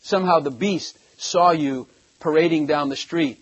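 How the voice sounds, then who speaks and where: Older guy preaching, husky kinda high voice, rambles then gets loud, dry close mic. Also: moderate pace, no room sound, dull audio. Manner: rambling, emphatic, rises to loud bursts when excited. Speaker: Bible teacher. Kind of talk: conversational sermon, reading scripture.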